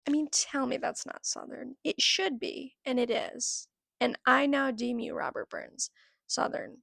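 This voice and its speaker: A young woman chats about her reading in a chatty, giggly way. Her voice is heavily gravelly and husky and a little high, and it sounds dry and close to the mic. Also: fairly even intonation, a little slow, a bit bright, no echo. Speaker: book vlogger. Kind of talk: casual chat.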